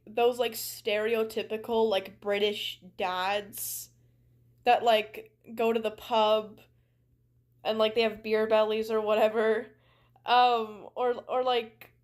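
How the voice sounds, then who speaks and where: A young woman with a Canadian accent, chatting casually while streaming a game, rambling with lots of "like" fillers. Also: a little high. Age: young adult. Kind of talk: casual chat while gaming.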